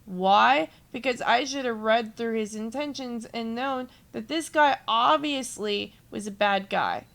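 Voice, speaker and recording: Young female streamer, gravelly, slightly high voice, rambling and profane while she plays. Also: a little slow, fairly bright tone. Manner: rambling storytelling, swears freely, chats with viewers. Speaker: gaming streamer. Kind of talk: casual chat while gaming.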